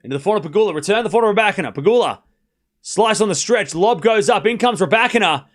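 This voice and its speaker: A man hosting a live stream, calling tennis play-by-play in a chatty, excitable way, joking about the crowd and talking to his viewers. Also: sits high, fast talker. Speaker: stream host.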